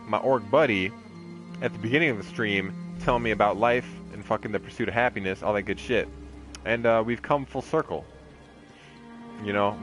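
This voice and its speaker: Young male streamer, lowish voice, laid-back and foul-mouthed, constant tangents, game music under him. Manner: rambling, profane, laid-back, tangent-prone. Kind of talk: casual live-stream commentary. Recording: game music playing behind the voice.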